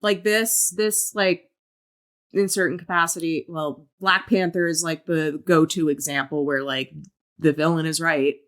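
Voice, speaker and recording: A woman co-hosting a film podcast in casual discussion, steering the talk with quick asides. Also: deep voice, steady tone, a bit bright. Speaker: podcast co-host.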